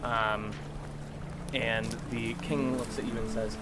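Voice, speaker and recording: Man game master, casual, mid-pitched, laughs often; music bed underneath. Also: flat delivery, takes it slowly. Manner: casual, laughing, voices his characters. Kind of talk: narrating a tabletop game.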